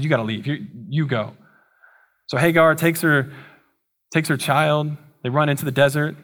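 A man, a pastor preaching a sermon, telling scripture stories in a relaxed, slangy, conversational way. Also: a little high. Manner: casual storytelling with slangy asides.

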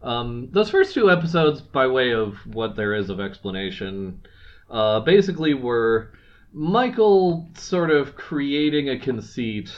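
A man's voice: mid-range voice, very animated, measured pace, lo-fi sound. A man co-hosting a casual podcast, chatty and rambling, with many fillers and restarts. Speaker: podcast co-host. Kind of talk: casual chat.

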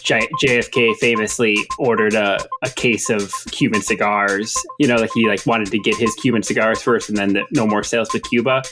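A man's voice: on the low side, steady tone, a little fast, hardly any pauses, music in the background. A man co-hosting a trivia podcast, chatting casually with dry, wry humor. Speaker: podcast co-host. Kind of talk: casual banter.

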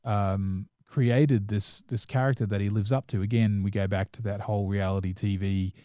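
A man's voice: lowish voice, fairly even intonation, normal speed, warm tone, no room sound, studio quality. A man with a New Zealand accent, co-hosting a casual chat about films and shows, talking in a rambling, enthusiastic way full of restarts and fillers. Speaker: podcast co-host.

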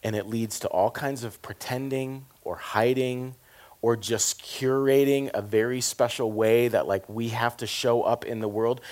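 Man, pastor, casual sermon, jokey asides, loud emphatic peaks. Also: mid-range voice. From American South. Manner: conversational, jokey, swings between quiet asides and loud emphasis.

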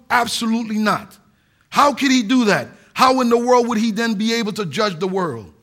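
A man's voice: sits high, lively intonation, moderate pace, a bit bright. A middle-aged man, a pastor, preaching a sermon in an earnest, emphatic way with a few restarts.

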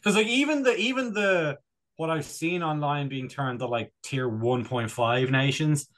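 An Irish man with a somewhat high, fairly bright voice co-hosts a podcast, chatting casually at an unhurried pace. He rambles and jokes, with plenty of fillers and restarts.

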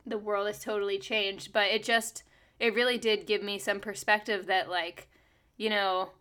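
A woman's voice: medium pitch, level tone, moderate pace, sharp tone, clean tone. A young woman musician co-hosting a podcast in casual chat, talking with many fillers and restarts and laughing often.

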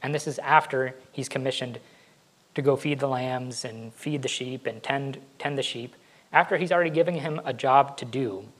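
A man's voice: medium pitch, moderate pace, fairly bright tone, rough recording. A male pastor giving a conversational sermon, laughing now and then and acting out what his kids say. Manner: conversational, laughs often, acts out kids' voices.

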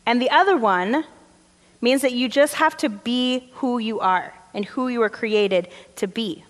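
A woman pastor delivers a sermon in a loose, conversational storytelling manner. Her voice sits a little high for a woman. The sound rings with long reverb from the church sanctuary around her. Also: a little slow. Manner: conversational storytelling, relaxed fillers.

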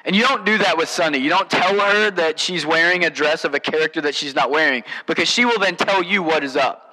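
A man's voice: on the high side, brisk, pushed and bright, long reverb tail, rough recording. A man, a pastor, telling a story in a sermon in a conversational way, with many fillers and restarts.

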